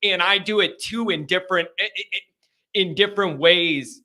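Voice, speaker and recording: A man hosting a live call-in show, chatting casually and thinking out loud with many restarts. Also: high-pitched, moderate pace. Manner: folksy, talks straight to the chat. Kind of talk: casual live-stream chat.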